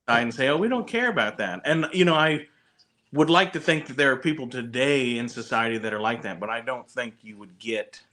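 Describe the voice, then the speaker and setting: A man's voice: medium pitch, steady tone, brisk, pushed and bright. A man co-hosting a casual chat, thoughtful and hedging with "you know". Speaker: podcast co-host. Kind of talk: casual after-show chat.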